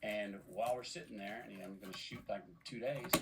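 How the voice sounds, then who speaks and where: A man's voice: fairly low pitch, a little fast, far from the mic. A man, a podcast guest, telling long rambling stories in casual chat with lots of restarts. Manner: rambling, animated storyteller with many restarts.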